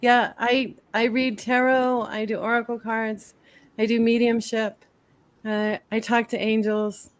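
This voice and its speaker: A woman's voice: on the high side, level tone, measured pace, no echo. Chatty woman telling a story. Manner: chatty storytelling with many fillers. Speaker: guest tarot reader and medium. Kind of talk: casual chat.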